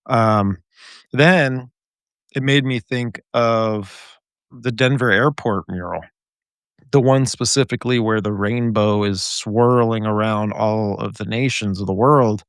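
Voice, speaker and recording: A man's voice: on the low side, steady tone, takes it slowly, clear, resonant tone, no room sound, studio quality. A man hosting a podcast over a video call, rambling and speculative as he talks. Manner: rambling and speculative, many fillers and restarts. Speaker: podcast host. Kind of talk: casual conversation on a podcast.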